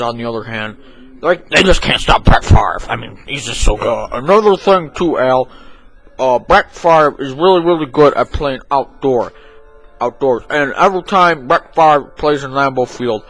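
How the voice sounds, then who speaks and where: A man's voice: fairly bright tone, low-quality recording. A man voicing a rambling older football commentator in a homemade comedy sketch, repeating himself in circles. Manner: repetitive, circular, exclamations of "boom". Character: rambling older male football commentator, fixated on one quarterback.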